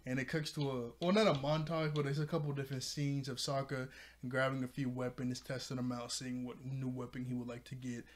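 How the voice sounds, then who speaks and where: A man's voice: mid-range voice, little pitch movement, fairly quick. A man recapping a cartoon episode in a rambling way, often correcting himself. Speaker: video reviewer.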